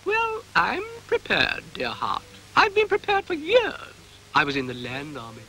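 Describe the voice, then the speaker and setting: Cartoon role: man doing a gushing female cow, arty and theatrical, high and swooping. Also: huge pitch swings, unhurried, pushed and bright, slight background noise, heavily acted, low-quality recording. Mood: proud.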